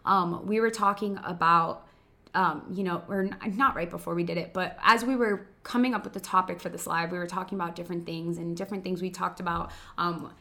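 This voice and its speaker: A woman's voice: on the low side, fairly even intonation, brisk, sharp tone. A young woman co-hosting a live chat, talking casually with many fillers and easy laughs. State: recovering from a cold. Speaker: co-host.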